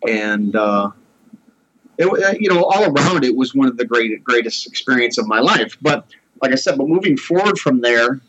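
A man's voice: mid-range voice, lively intonation, moderate pace, fairly bright tone, highs cut off, a little hiss or hum. A man in his forties earnestly telling a personal story in a casual conversation. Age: 40s. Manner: earnest, heartfelt.

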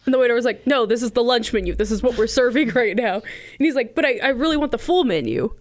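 A woman's voice: a little high, lively intonation, quick pace. A woman co-hosting a casual chat, retelling events with exasperation and laughing easily.

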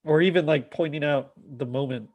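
A man's voice: fairly high pitch, a little fast, a little mellow, a little hiss or hum. A man co-hosting a casual podcast, chiming in with agreement and jokes. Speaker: podcast co-host. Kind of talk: casual chat.

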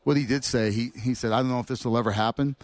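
A man, a former player, telling animated anecdotes as a guest. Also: mid-range voice, rapid-fire, no echo. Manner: animated storyteller acting out quotes. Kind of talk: anecdotal storytelling.

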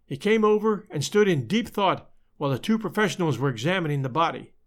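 A man reading a classic detective story aloud in an expressive, dramatic storytelling manner. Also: a little high, a little fast. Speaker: narrator.

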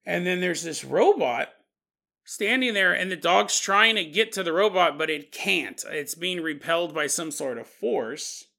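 A male podcast host tells an odd tale with jokey asides and frequent chuckles. His voice sits high and bright with a gravelly edge. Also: lively intonation, a little slow. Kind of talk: comedic paranormal storytelling.

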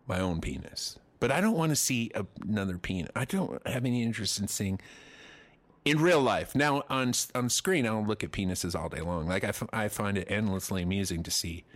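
A man's voice: lowish voice, lively intonation, a little fast. A man in his forties, co-hosting a casual comedy chat, rambling and self-deprecating with crude jokes. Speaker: podcast co-host.

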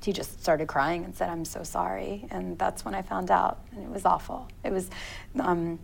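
A woman in her thirties, a guest in an interview, telling a personal story in a halting, reflective way with many restarts. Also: fairly low pitch, steady tone, gravelly, a little hiss or hum, low-quality recording.

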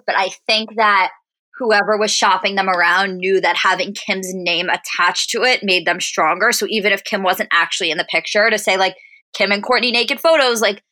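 A woman's voice: medium pitch, bright, forceful tone, no echo, rough recording. A woman co-hosting a podcast, chatting casually and thinking her answers through aloud. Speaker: podcast co-host. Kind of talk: casual chat.

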